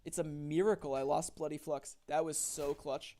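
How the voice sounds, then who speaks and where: A man's voice: a little high, fairly even intonation, moderate pace, mellow. A young man streaming a strategy game, chatting to his viewers, thinking aloud and getting easily exasperated. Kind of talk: casual gameplay commentary to chat.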